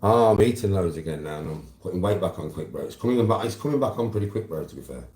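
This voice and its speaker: A man's voice: low voice, lively intonation, quick pace, a little mellow, roomy sound. A young man with a Birmingham accent, casually chatting with his livestream viewers and answering them by name in a laid-back, slangy way. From Birmingham, England. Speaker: livestreamer reading chat.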